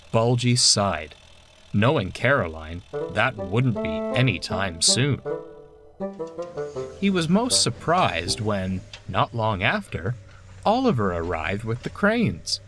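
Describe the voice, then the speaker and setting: A man reading a children's story as narrator, expressive and scripted. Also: medium pitch, a little slow, over music.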